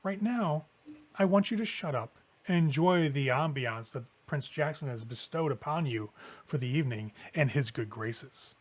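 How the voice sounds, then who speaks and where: Guy putting on a condescending vampire lady, sweet on top and menacing underneath, highish voice. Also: expressive, normal speed. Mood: sweet menace. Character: icy, commanding woman vampire elder.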